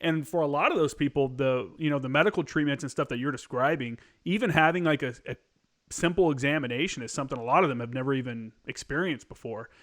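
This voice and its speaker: A man's voice: mid-range voice, fast, fairly bright tone. A man hosting a podcast, talking casually and loosely with many fillers. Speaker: podcast host. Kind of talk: casual conversation.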